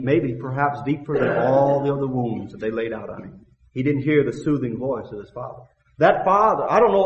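A man preaching a fiery sermon in a church, dropping to low murmurs and then building to shouted climaxes, with call-and-response asides. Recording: echoey, muffled church recording.

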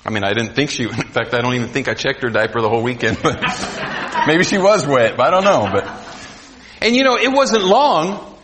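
A man preaching a sermon to a congregation, swinging between loud emphasis and quiet asides. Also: medium pitch, expressive, fairly quick, a little hiss or hum. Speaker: pastor.

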